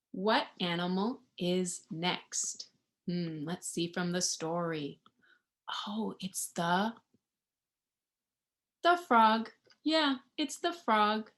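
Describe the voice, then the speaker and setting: A woman reading a picture book aloud to young children in an animated way, asking them questions and imitating animal sounds. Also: medium pitch, extremely slow, pauses often. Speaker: children's storybook reader.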